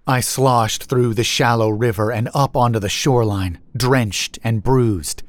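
A man narrating a first-person horror story in a slow, measured, brooding manner on a close mic. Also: medium pitch, steady tone, no room sound.

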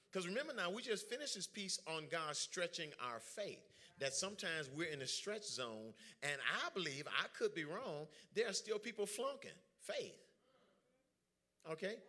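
Lively, bright-voiced preacher man. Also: fairly high pitch. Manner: lively, joking, drawls informal speech. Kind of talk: sermon with call and response.

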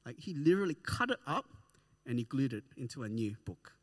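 A man preaching a sermon to a congregation in an animated way, often checking in with "right?". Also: mid-range voice, brisk, husky. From Australia. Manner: animated, keeps asking "right?". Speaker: pastor.

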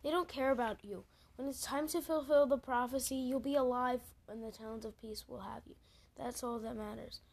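A woman's voice: on the high side, steady tone, fairly quick, vocal fry, darkish tone. A woman reading aloud as a stern, scolding female dragon guardian. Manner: scolding, threatening.

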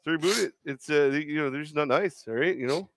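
A man's voice: a little high, fast talker, a bit bright, dry recording, pitched above the performer's own voice. A man doing a comic impression of a boozy, overly apologetic male basketball coach in a put-on Canadian accent, mumbling and saying sorry.

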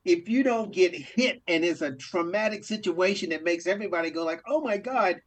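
A man's voice: high-pitched, a little fast. Chuckling man, easygoing co-host. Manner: easygoing, chuckling, acts out little scenes. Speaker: coach and co-host. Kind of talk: casual chat.

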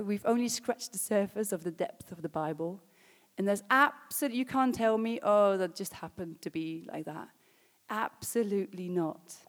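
Woman preaching in a reverberant hall. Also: medium pitch. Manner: builds to loud emphatic exhortations. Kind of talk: sermon.

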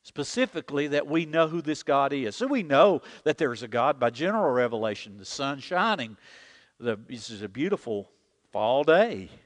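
Speaking at normal speed in a mid-range voice, a man preaches an animated sermon as pastor in a church sanctuary. He has the congregation repeat a prayer after him, call-and-repeat style, and long hall reverb fills the recording.

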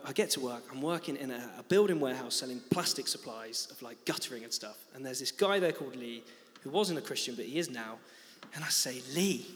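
A young man preaching and telling a personal story in a lively, animated way. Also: a little high, a little hiss or hum. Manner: animated storytelling, acting out his own shock. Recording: reverberant church hall.

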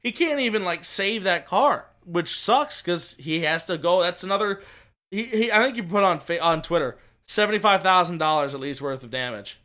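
A man co-hosting a podcast, rambling excitedly about racing with many restarts. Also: high voice, normal speed. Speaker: podcast co-host. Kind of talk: casual racing chat.

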